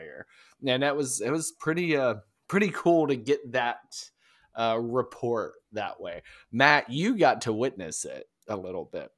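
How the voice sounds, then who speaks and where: A man co-hosting a podcast, telling a story in casual chat, rambling and halting with many fillers and restarts. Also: medium pitch, animated, fairly bright tone, dry recording, clean studio sound. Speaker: podcast co-host.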